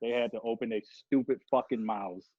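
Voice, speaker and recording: A man's voice: mid-range voice, fairly even intonation, brisk, husky, dry recording. A man ranting heatedly and profanely on a podcast, rambling from one grievance to the next. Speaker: podcast guest rapper. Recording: dull lo-fi sound.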